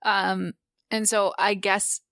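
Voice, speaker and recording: A woman's voice: medium pitch, flat delivery, slow pace, a bit bright, no echo, clean studio sound. A woman guest on a podcast, rambling casually with lots of fillers and the odd swear.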